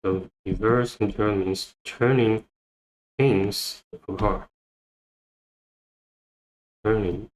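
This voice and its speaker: A man teaching English vocabulary, repeating each word and phrase slowly as he explains. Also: on the low side, steady tone, darkish tone, poor audio. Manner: repeats words many times, thinking aloud. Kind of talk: slow, repetitive vocabulary lesson.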